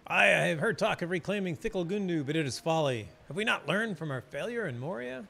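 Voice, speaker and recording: A man reading a gruff, wary male dwarf's lines aloud from a game. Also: high voice, lively intonation, fairly quick, bright, forceful tone, pitched above the performer's own voice, exaggerated voice. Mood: grave. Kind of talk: reading quest text aloud while streaming.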